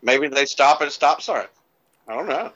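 Bright-voiced male co-host, slightly dull recording. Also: a little high, lively intonation, moderate pace. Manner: playful, profane, riffs on silly scenarios. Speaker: podcast co-host. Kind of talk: casual comedic chat.

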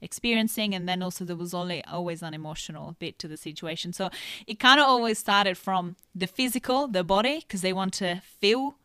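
Expressive woman, dry sound. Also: lowish voice, a little fast, hardly any pauses, clean tone, dry recording. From Italy. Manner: animated, expressive, laughs readily. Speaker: nutritionist guest. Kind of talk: casual podcast chat.

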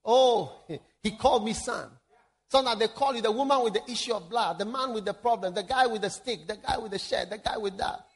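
A man preaching a sermon, moving between loud emphatic calls and hushed prayer. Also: sits high, brisk, breathy edge.

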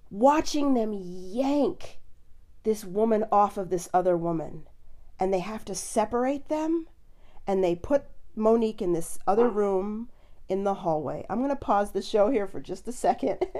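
A woman's voice: mid-range voice, warm tone. A woman hosting a podcast, telling a story in casual chat with frequent laughs. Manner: chatty storyteller, laughs often. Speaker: podcast host.

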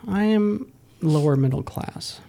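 A man co-hosting a podcast in casual chat, jokey and quick to laugh, often asking leading questions. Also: fairly high pitch, gravelly, mellow. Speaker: podcast co-host.

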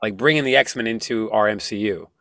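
A man in casual podcast chat, explaining and riffing in an animated, profane way. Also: on the low side, fairly quick, no room sound, clean studio sound.

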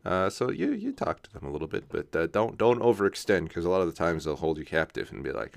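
Casual self-mocking man with a smooth, dry voice. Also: deep voice, very animated, quick pace, hardly any pauses, dry recording. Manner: casual, self-mocking, laughs often, says "right?" a lot. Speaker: podcast host. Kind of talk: rambling solo podcast monologue.

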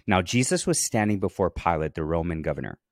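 A man's voice: low voice, lively intonation, quick pace, no room sound, clean studio sound. A man hosting a Bible teaching podcast. He reads scripture aloud and stops often to stress key words and press his listeners to take them in.

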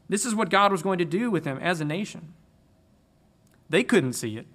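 Male preacher, slightly high bright voice, earnest sermon delivery with frequent restarts. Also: animated, moderate pace. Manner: earnest, repeats words when restarting. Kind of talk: sermon with scripture reading.

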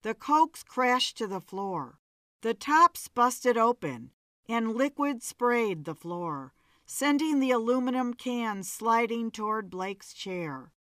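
A woman reading a suspenseful short story aloud in a calm, measured way. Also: fairly high pitch, dry recording, studio quality. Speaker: story reader. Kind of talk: story narration.

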